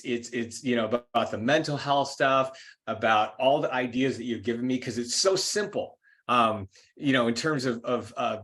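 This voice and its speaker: A man's voice: mid-range voice, fairly bright tone. Rambling man sharing on a call. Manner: rambling, many restarts and "you know"s. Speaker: participant on a group call. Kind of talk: casual heartfelt sharing.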